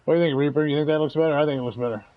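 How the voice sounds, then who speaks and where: A man's voice: a little high, fairly even intonation, rapid-fire, no echo, narrow, tinny audio. A man giving casual, folksy commentary while playing a farming game, chatty and chuckling often. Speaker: gaming channel host.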